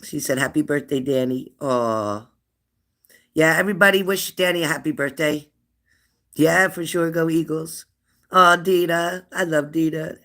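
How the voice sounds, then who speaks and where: A woman in her fifties hosting a live stream, chatting warmly and laughing as she reads out viewers' comments. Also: low-pitched, fairly even intonation, measured pace. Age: 50s. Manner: chatty and affectionate, laughs often, answers comments aloud. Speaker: livestream host of a spirit-messages channel.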